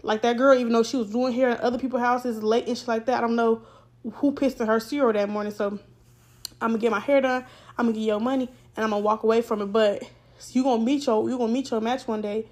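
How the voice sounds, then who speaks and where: A woman's voice: a little high, fairly even intonation, fast, a little mellow. A young woman hosting a podcast, telling a casual storytime monologue in a blunt, profane, rambling way. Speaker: podcast host.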